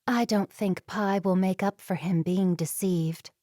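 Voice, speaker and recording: A woman voicing a kind young Amish woman in an audiobook, speaking softly and reassuringly. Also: mid-range voice, steady tone, measured pace, no room sound, studio quality, close to an everyday voice. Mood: gentle.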